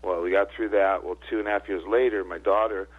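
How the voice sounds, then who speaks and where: A man's voice: deep voice, steady tone, a little fast. A man in his sixties, a guest on a radio show, telling stories in an emotional, earnest way. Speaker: guest speaker. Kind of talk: storytelling in a radio interview. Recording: tinny phone line.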